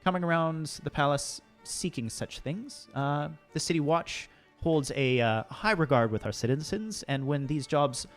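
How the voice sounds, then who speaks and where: A man acts out a stern noble lady of the palace who speaks formally, with a raised pitch and polite, halting pauses. Quiet music plays underneath. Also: expressive, lightly acted. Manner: formal, hesitant with fillers.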